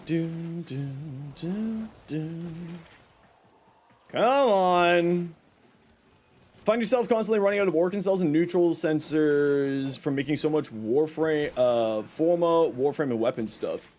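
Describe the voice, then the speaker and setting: Male game streamer, casual chatty commentary, light higher voice. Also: a little slow, a little mellow, a little hiss or hum. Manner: chatty, explains game tips to chat.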